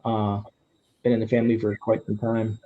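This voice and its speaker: A man's voice: lowish voice, completely flat delivery, normal speed. A man from the Florida Keys hosting a casual live-stream interview. He rambles, restarts often and laughs easily. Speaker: host. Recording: dull lo-fi stream audio.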